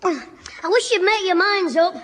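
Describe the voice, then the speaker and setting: Cheeky schoolboy, very high voice, 1960s radio comedy, reverby, faint hiss. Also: male voice, lively intonation, fairly bright tone, exaggerated voice. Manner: cheeky, quick backchat. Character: cheeky cocky young schoolboy. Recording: hissy old radio broadcast with reverb.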